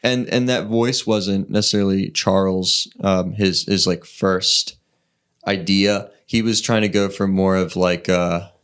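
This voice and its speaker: A low-voiced man co-hosting a podcast, chatting casually. He rambles, stops to restart his sentences, and fills gaps with ums and likes. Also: steady tone, unhurried, a bit bright, clear, resonant tone. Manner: rambling, filler-heavy, hesitant restarts. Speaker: podcast co-host. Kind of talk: casual chat.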